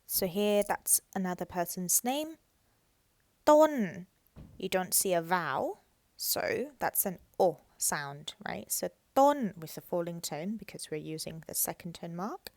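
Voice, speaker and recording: A woman teaching Thai tones, explaining slowly and modelling each word in a louder, raised voice. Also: on the low side, dry recording.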